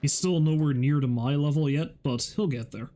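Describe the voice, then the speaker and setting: A man's voice: on the high side, moderate pace, mellow. Profane, self-mocking male game streamer. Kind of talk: casual gameplay commentary.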